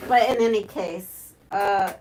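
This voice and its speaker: A woman's voice: medium pitch, slow pace, noisy background. A middle-aged woman from Brooklyn with a Brooklyn accent, hosting a quilting live stream and chatting casually with her viewers as she reads their comments aloud. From Brooklyn, New York. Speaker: quilting channel host.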